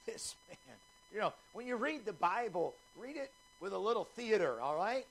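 A man's voice: high voice, wildly swooping pitch, normal speed, gravelly, a bit bright, rough recording. A man preaching a sermon, reading scripture aloud with theatrical emphasis and leaning hard on single words.

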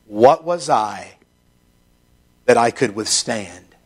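A man preaching a sermon, reading Scripture slowly and building to emphatic, fervent passages. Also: medium pitch, animated, husky. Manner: emphatic, rising into fervent stretches; reads Scripture aloud in slow measured delivery.

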